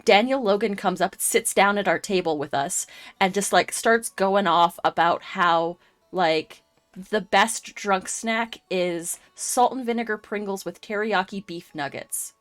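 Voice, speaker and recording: A woman's voice: medium pitch, a little slow. A woman with a mid-range voice tells a story in an easygoing, amused way. She speaks casually, as if among friends, with faint music in the background. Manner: laid-back storyteller, amused. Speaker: chat show panelist. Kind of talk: casual anecdote telling.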